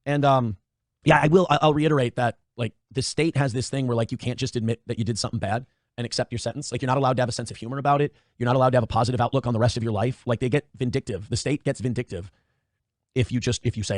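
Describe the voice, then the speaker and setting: Fast-talking profane male livestreamer. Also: medium pitch, fairly even intonation, no room sound, clean studio sound. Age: adult father of young children. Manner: rambling, profane, self-interrupting. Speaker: livestream host. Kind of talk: casual livestream chat reading viewer donations.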